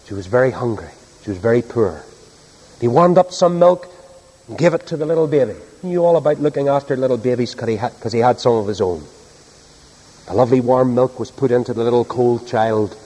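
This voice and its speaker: A man's voice: mid-range voice, expressive, a little fast, dark tone. Preacher man, earnest storytelling sermon, echoey hall sound.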